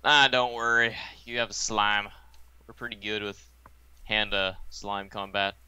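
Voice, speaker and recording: Bright, clear-voiced teen boy gamer. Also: fairly low pitch, steady tone, unhurried, no echo. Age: teens. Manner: playful, joking. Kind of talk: casual gameplay chat.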